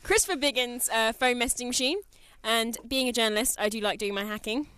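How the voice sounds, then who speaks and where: A woman's voice: on the high side, fairly quick, bright, forceful tone, dry recording. A woman co-hosting a radio show in chatty, giggly banter. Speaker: radio co-host.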